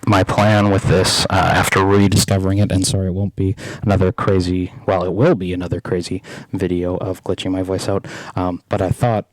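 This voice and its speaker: A man's voice: deep voice, level tone, a little fast, hardly any pauses. A man casually rambling as the host of a modular synth video, with many fillers and a voice run through a glitching distortion effect. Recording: synth music playing behind. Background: electronic synth music.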